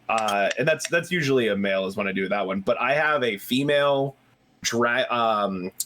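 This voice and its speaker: Casting note: excitable male player, bright voice, quick to laugh. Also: medium pitch. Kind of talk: casual chat about tabletop characters.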